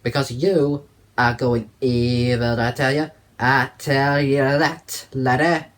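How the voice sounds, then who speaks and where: A man putting on the voice of a gruff, scornful older man who scolds in drawn-out, growling phrases. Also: medium pitch, flat delivery, lightly acted. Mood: scolding.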